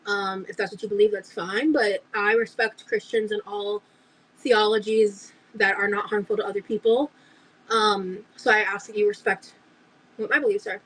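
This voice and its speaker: A young woman livestreaming as she opens gifts, talking in gushing, breathy exclamations full of fillers. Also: mid-range voice, little pitch movement, normal speed, a bit bright, low-quality recording. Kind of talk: casual livestream chat.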